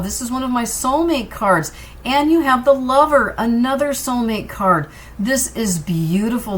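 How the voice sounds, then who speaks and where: A woman's voice: a little high, a little hiss or hum. A woman giving a tarot reading, talking straight to her viewers in an encouraging way. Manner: encouraging, direct address to viewer. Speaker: tarot reader.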